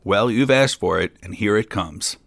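A man's voice: fairly low pitch, normal speed, vocal fry, a bit bright, no room sound, studio quality. A man voicing a naive, fearless young boy who talks plainly and earnestly. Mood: defiant.

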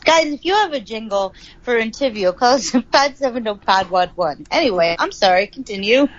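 A woman's voice: fairly high pitch, animated, a little fast. A woman co-hosting a podcast in casual chat, giggly and chatty. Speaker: podcast co-host. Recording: slightly dull lo-fi sound.

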